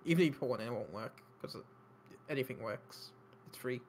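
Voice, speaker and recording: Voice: mid-range voice, a little fast, slight background noise. A game master running an online tabletop game, chatting casually, laughing often and easily flustered.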